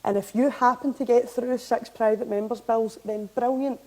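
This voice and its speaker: Scottish woman telling a lively story. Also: a little high, moderate pace, low-quality recording. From Scotland. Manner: lively anecdotal, animated when amused. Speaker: member of parliament giving a talk. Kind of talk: public talk, storytelling. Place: hall, talk to an audience.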